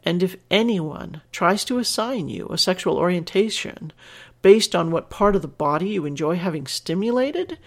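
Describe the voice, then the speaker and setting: A woman's voice: on the low side, expressive, normal speed. A woman hosting a podcast, reading a listener's letter aloud and reacting in an earnest, emotional way, teary and laughing at times. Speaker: podcast host.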